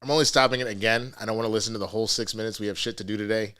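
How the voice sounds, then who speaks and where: A man's voice: fairly low pitch, fairly even intonation, racing, fairly bright tone, clear, resonant tone. A man hosting a casual commentary vlog, ranting in a profane, rambling, slangy way. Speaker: host.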